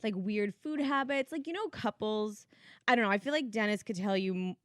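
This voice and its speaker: A woman's voice: medium pitch, brisk, no echo, clean studio sound. Giggly woman podcast co-host. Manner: giggly, chatty. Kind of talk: casual chat.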